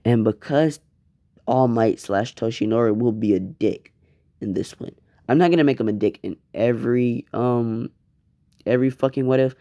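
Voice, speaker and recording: A man's voice: medium pitch, normal speed, mellow. A man narrating improvised fan fiction in a casual, rambling, profane way. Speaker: fan storyteller.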